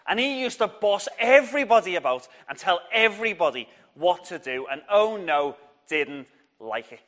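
A man telling a Bible story to children at church, lively and encouraging, getting the audience to shout along. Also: sits high, normal speed. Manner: lively, encouraging, draws the crowd in.

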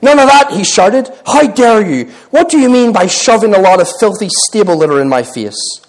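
A man's voice: high-pitched, animated, moderate pace, pitched above the performer's own voice, low-quality recording. A man reading as a surly grumbling dwarf. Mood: angry. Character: surly blind male dwarf, grumbling and suspicious.

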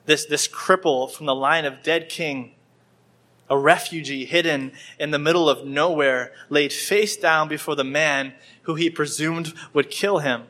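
Man preaching in church, bright forceful voice, slightly high, acts out scenes, repeats himself. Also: steady tone, measured pace. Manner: acts out scenes with small shifts of voice, repeats words. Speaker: pastor. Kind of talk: sermon.

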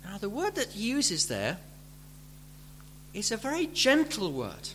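A male preacher with a bright, high voice delivers a sermon at an unhurried pace. He explains gently, then rises into fervent, pleading emphasis. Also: huge pitch swings, a little hiss or hum.

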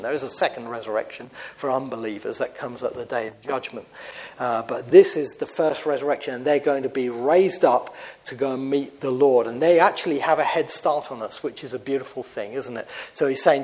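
A man's voice: mid-range voice, normal speed, a little mellow, poor audio. A man preaching a sermon, explaining scripture in an earnest teaching manner with rhetorical questions and frequent filler sounds.

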